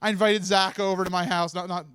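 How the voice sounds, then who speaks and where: High-voiced man giving a tearful speech. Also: flat delivery, a bit bright, slight background noise. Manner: halting, many restarts, laughs through tears. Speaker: marathon organizer giving closing speech. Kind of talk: emotional live speech. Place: stage set of a charity marathon livestream.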